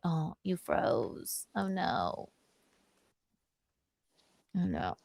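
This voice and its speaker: A woman's voice: mid-range voice, dry recording. A young adult woman hosting a casual livestream chat, gushing and telling stories. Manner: gushing, chatty storyteller. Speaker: livestream host.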